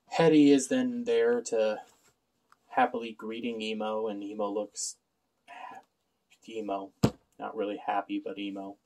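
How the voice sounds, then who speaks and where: A man's voice: on the low side, flat delivery, slow, long pauses, darkish tone, rough recording. A man casually recapping a TV episode with sarcastic asides and frequent fillers. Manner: sarcastic, offhand, many "uh" fillers. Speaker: show reviewer.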